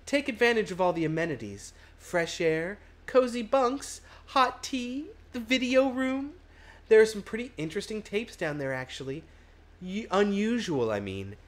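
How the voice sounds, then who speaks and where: A woman voicing a chatty, folksy middle-aged female tugboat pilot in a video game, with a slightly hoarse put-on voice. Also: medium pitch, big pitch swings, moderate pace, voice pushed up, lightly acted. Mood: friendly.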